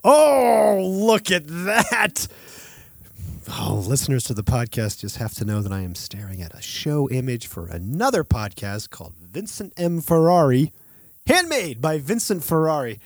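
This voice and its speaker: Lively, wry man co-hosting a podcast. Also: medium pitch, dry recording, studio quality. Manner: wry, teasing, quick to react. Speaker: podcast co-host. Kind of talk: casual chat.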